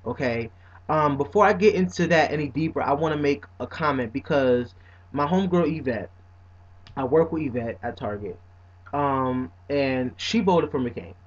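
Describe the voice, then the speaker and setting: A man's voice: mid-range voice, moderate pace. Young man vlogging, muffled lo-fi audio. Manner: playful and animated, then earnest, with frequent "you know what I'm saying". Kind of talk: casual talk to camera. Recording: dull lo-fi recording.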